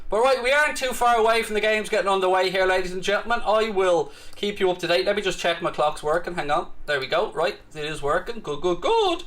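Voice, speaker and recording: Brief: Irish male stream host, high-pitched, swaggering and playfully teasing, casual live chat. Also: animated, quick pace, hardly any pauses, a bit bright. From Ireland. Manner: cocky, teasing banter with mock bravado. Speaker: livestream host. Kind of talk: casual live chat reading viewer comments.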